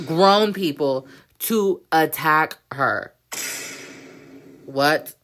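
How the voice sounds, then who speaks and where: Low-voiced woman ranting, profane and heated. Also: animated, drawn-out words, long pauses, a bit bright, slight background noise. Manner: profane, heated, fills every sentence with "like" and "bro". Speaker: podcast host. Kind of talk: casual solo podcast rant.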